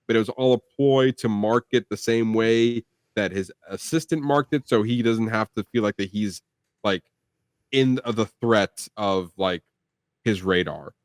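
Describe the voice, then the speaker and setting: A man's voice: on the low side, measured pace, no echo. Dry-sounding rambling podcast host man. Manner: rambling, lots of "like" and restarts. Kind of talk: casual film review chat.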